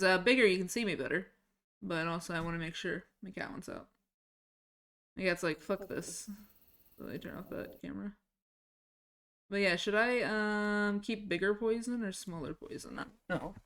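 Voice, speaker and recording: A woman streaming live from home, chatting casually with her viewers, easily sidetracked and swearing now and then. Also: mid-range voice. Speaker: livestreamer.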